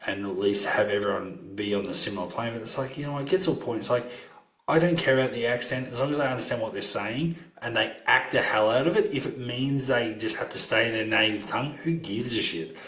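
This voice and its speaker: A man's voice: mid-range voice, fairly quick, a bit bright. A man co-hosting a casual film podcast, talking in a rambling way with many fillers and restarts. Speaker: podcast co-host. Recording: roomy echo.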